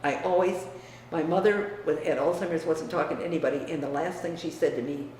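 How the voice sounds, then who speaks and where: An older woman from the US Midwest, reminiscing about her family in a frank, emphatic way that often drops quiet. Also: low-pitched, steady tone, a little fast. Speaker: interviewee. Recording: echoey room, distant mic, faint hiss.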